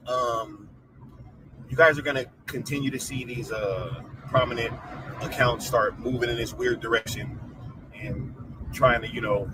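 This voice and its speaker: Guy rambling n cursing while driving, mic far off, road noise loud. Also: medium pitch. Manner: rambling, profane, filler-heavy. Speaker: content creator. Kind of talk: casual rant while driving. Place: inside a moving car.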